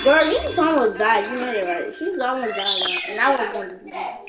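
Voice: medium pitch, very animated, brisk, over a noisy crowd. A gaming host giving casual let's-play commentary, chatting to the game characters and to viewers. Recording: noisy recording with mouse clicks.

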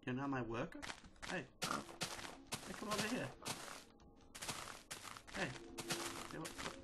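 A man hosting a casual let's-play video, excitedly chattering at the characters in his game. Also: on the high side, unhurried. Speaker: gaming video host. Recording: loud steady background noise.

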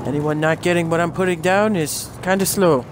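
A man's voice: a little high, fairly even intonation, a little fast, noisy background. A man commentating his own shooter gameplay, crude and joking and mocking himself. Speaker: gamer, channel host. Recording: game gunfire and explosions behind. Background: gunfire, artillery, vehicles.

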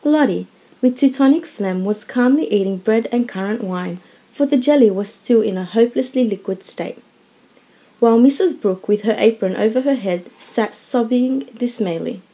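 A woman narrating a classic novel audiobook in a lively, dramatic storytelling manner. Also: fairly high pitch, moderate pace, poor audio.

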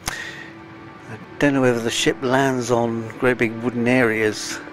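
A man talks his way through a video game in a relaxed, rambling way, sighing and muttering encouragement to himself. His voice sits at an ordinary middle pitch and he sounds a little winded. Soft game music plays faintly underneath. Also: a little slow. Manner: chatty, muttering to himself with sighs. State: slightly out of breath. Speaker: game streamer. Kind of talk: casual let's-play commentary.

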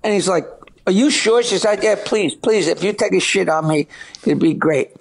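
A comedian rattling off jokes, breaking into shouted punchlines and cackles. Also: male voice, high voice, moderate pace, creaky. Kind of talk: rapid-fire joke telling.

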